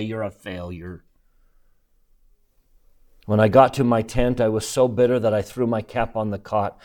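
Older man telling a measured sermon story. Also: fairly low pitch, a little mellow. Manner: measured, earnest storytelling with deliberate pauses. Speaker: church leader.

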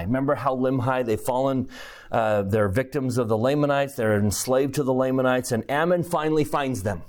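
A man's voice: medium pitch, darkish tone. A man teaching a scripture class, reading verses aloud and repeating key phrases for emphasis. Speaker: religion teacher.

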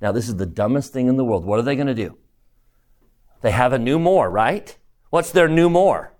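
Man, scripture teacher, animated, emphatic, rhetorical questions, mid-range pitch. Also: moderate pace. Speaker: religious teacher. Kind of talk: scripture lesson, reading a picture book aloud.

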